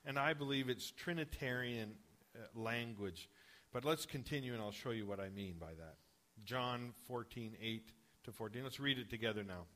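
Bright-voiced male preacher. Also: mid-range voice, normal speed. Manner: conversational, asks the congregation questions. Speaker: pastor. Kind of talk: sermon.

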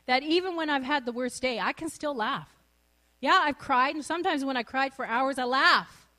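Brief: middle-aged woman preacher, high voice with wide swings, bubbly and quick to laugh. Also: bright, forceful tone. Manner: exuberant, laughs often mid-sermon. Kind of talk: sermon.

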